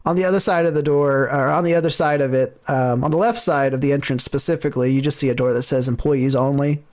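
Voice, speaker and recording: A game master in a mid-pitched voice narrates a tabletop game. The telling is loose and rambling, with fillers and quick jokes mixed into the scene. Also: a little mellow.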